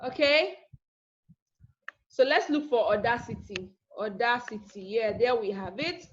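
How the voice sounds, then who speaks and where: A woman teaching a live online class, chatty and teasing, checking in often with "okay?". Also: on the high side. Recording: dull lo-fi.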